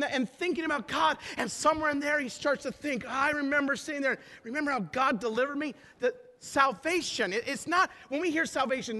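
Male preacher, very high voice, lively sermon delivery, long hall echo. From northern Wisconsin. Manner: animated, swings from loud shouting to hushed prayer.

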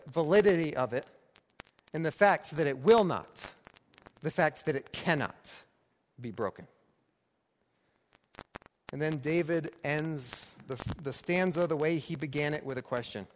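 A man's voice: on the high side, normal speed, long pauses. A man preaching a sermon, emphatic and building his points through repeated phrases. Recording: long reverb with faint background noise.

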